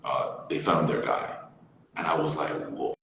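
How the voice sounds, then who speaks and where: A man's voice: rumbling low, moderate pace. A man in his thirties, an actor guest, telling a story in an interview and acting out the other people in it. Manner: animated storyteller, acts out quoted voices. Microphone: phone or laptop on a live stream. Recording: very echoey with long reverb.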